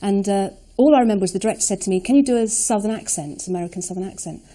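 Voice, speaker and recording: A woman's voice: mid-range voice, rapid-fire, mellow. A middle-aged woman chattily telling anecdotes in an interview. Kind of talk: reminiscing interview.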